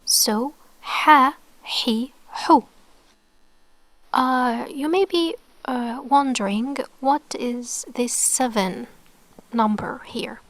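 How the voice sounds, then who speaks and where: Slow Egyptian woman teaching softly. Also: a little high, dry recording. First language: Arabic. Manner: patient, with many fillers and repeated words. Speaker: Arabic teacher. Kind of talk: online alphabet lesson.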